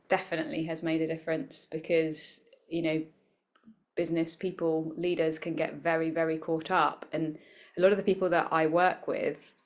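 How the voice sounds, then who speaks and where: Her voice sits low as she talks. She's a wellbeing coach appearing as a guest in a conversational interview, thoughtful but lively, slipping into small quoted voices along the way.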